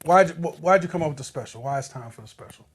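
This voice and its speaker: Quick-talking male co-host, high animated voice, bantering in a studio. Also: breathy edge. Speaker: podcast co-host. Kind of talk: casual podcast chat.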